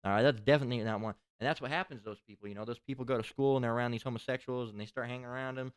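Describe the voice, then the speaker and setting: A man's voice: medium pitch, fairly even intonation, rapid-fire, clear, resonant tone, dry recording, clean studio sound. A man giving a casual religious lesson, talking in a rambling, profane, conversational way. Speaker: religious teacher. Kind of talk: casual spoken scripture lesson.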